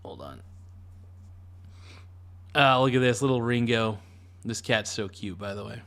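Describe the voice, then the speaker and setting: A man live-streaming, chatting casually and giving an excitable, frustrated play-by-play with frequent swearing. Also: lowish voice, a little slow, vocal fry.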